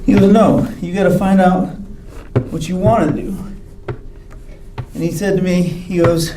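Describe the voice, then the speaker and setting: A man's voice: high voice, steady tone, unhurried, long pauses, echoey room, background noise. A man giving a hospital grand rounds talk, telling his own story candidly and wryly, acting out the people he quotes. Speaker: physician speaker. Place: hospital lecture hall.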